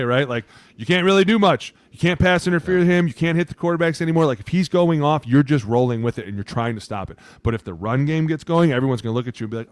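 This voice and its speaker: A man's voice: medium pitch, quick pace, dry recording. A man co-hosting a football podcast as a former lineman, talking bluntly and animatedly. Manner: blunt, animated, acts out quotes. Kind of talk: casual sports talk.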